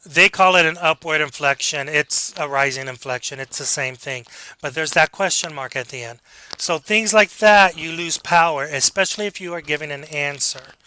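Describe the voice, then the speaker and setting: A man's voice: on the high side, moderate pace, pushed and bright, clear, resonant tone. A man teaching a speech class in a direct, coaching manner, with rhetorical questions. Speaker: college speech instructor. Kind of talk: recorded class lecture.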